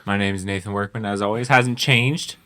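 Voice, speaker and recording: A man's voice: lowish voice, fairly even intonation, brisk, bright, forceful tone. A young man from Canada hosting a casual podcast chat, telling rambling stories and laughing at his own jokes. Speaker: podcast host.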